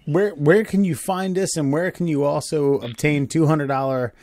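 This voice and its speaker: A man's voice: a little high, fairly even intonation, moderate pace, a little mellow, no echo. A man co-hosting a podcast who laughs a lot and stammers when he gets flustered. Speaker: podcast co-host. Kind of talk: casual podcast banter.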